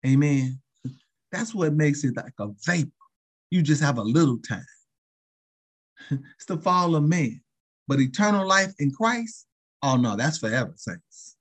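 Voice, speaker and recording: Husky preacher man, rising and falling. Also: expressive, a little slow, long pauses. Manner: call-and-response preaching with frequent "saints" and "thank you, Jesus"; chuckles between phrases, pitch swings widely. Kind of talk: sermon.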